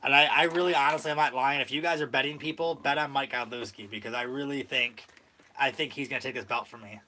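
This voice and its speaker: A man's voice: mid-range voice, steady tone, fast talker, bright, forceful tone, slight background noise. A young man from Michigan hosting a casual podcast, rambling through a story and saying "like" a lot. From Michigan, USA. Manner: rambling storyteller, says "like" often. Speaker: podcast host. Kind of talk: casual chat.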